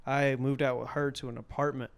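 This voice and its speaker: Lively young man telling stories. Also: medium pitch, a little fast, vocal fry, clear, resonant tone. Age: 20s. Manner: animated, laughing storyteller who acts out scenes. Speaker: podcast guest, comic. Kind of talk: casual storytelling. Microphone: podcast microphone.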